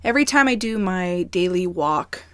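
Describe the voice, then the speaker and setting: A woman's voice: on the low side, lively intonation, moderate pace, clean tone, dry recording, clean studio sound. A woman telling a rambling, candid storytime in casual chat, a little out of breath, with many fillers. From United States. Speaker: ASMR storytime creator.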